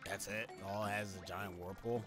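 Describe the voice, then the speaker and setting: A man's voice: on the low side, steady tone, normal speed. A man casually commenting while playing a game on a live stream, chatty and rambling, with wry asides. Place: home streaming setup. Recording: game music playing behind.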